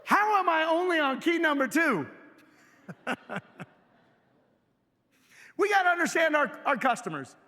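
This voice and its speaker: A high, lively male voice with a bright, forceful edge. He delivers a keynote to a live audience, firing questions at the crowd and pulling them in. The sound carries a long hall reverb. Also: a little slow, long pauses. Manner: energetic, engages audience with questions. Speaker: keynote speaker. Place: large hotel event hall.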